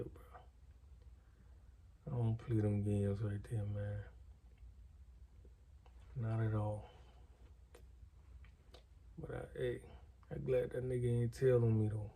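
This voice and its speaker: Very dark-voiced man telling a story. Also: lowish voice, breathy edge. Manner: loose, slangy and profane, with lots of fillers. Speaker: guest storyteller. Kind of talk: casual storytelling.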